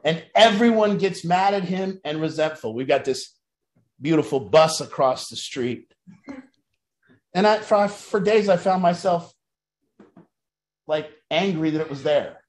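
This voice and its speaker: A man's voice: fairly high pitch, a little slow, pauses often. A middle-aged man leading a recovery program, talking bluntly and emphatically with plenty of swearing. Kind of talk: motivational talk.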